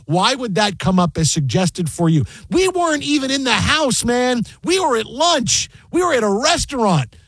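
A man hosting a casual sports talk show, telling rambling, animated stories with mock play-by-play asides. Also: high voice, husky, no echo.

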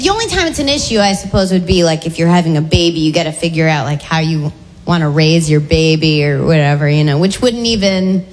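A woman doing stand-up comedy in a halting, chatty way full of fillers. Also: on the low side, big-room sound.

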